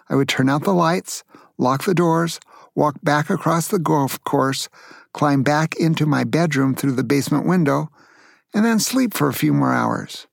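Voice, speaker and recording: A man's voice: fairly high pitch, vocal fry, dry recording, studio quality. An older man from Tacoma, Washington, telling a family story to grandchildren in a playful way, asking the listener questions. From Tacoma, Washington, USA.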